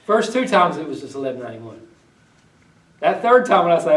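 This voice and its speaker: Male pastor, slightly high voice, conversational sermon with congregation questions, roomy distant sound. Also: very animated, fairly quick, pauses often, fairly bright tone. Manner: reads old-style scripture then retells it in everyday talk, questions the congregation. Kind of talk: conversational sermon with scripture reading. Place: church sanctuary. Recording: echoey room, voice from a distance.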